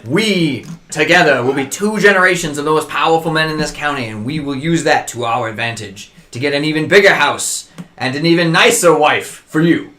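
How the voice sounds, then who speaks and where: A man's voice: on the high side, a little fast, bright, forceful tone. A man voicing a pompous, blustering small-town mayor and father with a put-on Southern drawl. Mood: grandiose.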